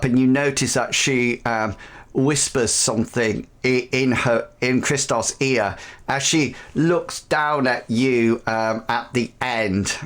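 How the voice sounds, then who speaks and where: A man narrating a tabletop game as game master, halting with frequent fillers. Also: medium pitch, fairly bright tone.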